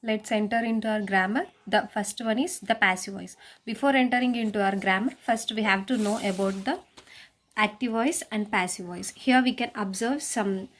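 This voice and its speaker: Speaking at a normal speed in a mid-range voice, a woman teacher explains grammar one step at a time. Her class hears rhetorical questions from her, and she often stops and restarts what she's saying.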